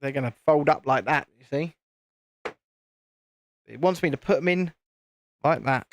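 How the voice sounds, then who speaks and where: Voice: mid-range voice, measured pace, a little hiss or hum. A host chatting casually on a live stream while building, rambling and repeating phrases.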